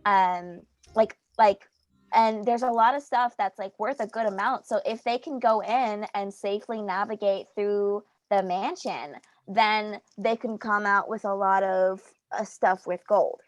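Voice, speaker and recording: A woman's voice: mid-range voice, unhurried, no echo. Woman, tabletop role-play in character, rambling, lots of fillers, dry close sound. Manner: rambling, full of "like" and "um". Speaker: tabletop game player.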